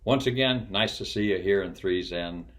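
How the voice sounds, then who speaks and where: Very deep-voiced older man telling stories. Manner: folksy, unhurried, with frequent "uh" pauses and chuckles. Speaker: retired pilot and flight instructor. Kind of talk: casual storytelling.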